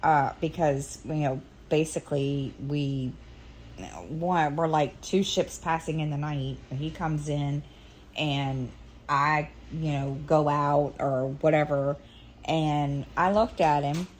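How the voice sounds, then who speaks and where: A woman's voice: deep voice, steady tone, slow, a little hiss or hum. A middle-aged woman chatting casually as a stitching vlogger, rambling and hesitant with many restarts. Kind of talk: casual chat.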